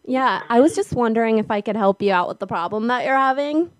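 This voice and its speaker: A woman's voice: on the high side, animated, quick pace, dry recording, natural voice. A woman posing as a breezy customer service manager. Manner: casual, breezy.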